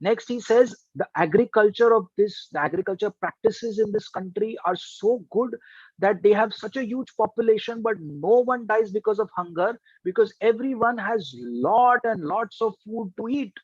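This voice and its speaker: A trainer tells students a story with plenty of emphasis. His voice sits high for a man. The sound is dull and dry. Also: normal speed, no echo. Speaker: trainer and life coach.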